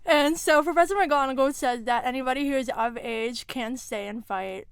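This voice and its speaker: Lively young woman podcast co-host. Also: high-pitched, moderate pace, clear, resonant tone, no room sound. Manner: animated storyteller, acts out quotes. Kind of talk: casual chat recapping a book.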